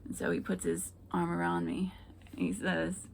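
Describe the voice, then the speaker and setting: A woman's voice: on the low side, flat delivery, normal speed, creaky, slight background noise. A woman performing a stand-up comedy set, talking in a hesitant way full of ums before landing dry punchlines. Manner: hesitant, filler-heavy delivery with dry punchlines.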